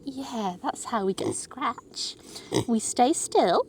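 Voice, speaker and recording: A woman's voice: on the high side, expressive, slow, darkish tone, a little hiss or hum. A woman vlogging casually while cycling through a forest, chatting away and cooing at animals she meets. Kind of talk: casual chat while riding. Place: outdoors in a forest on a bike.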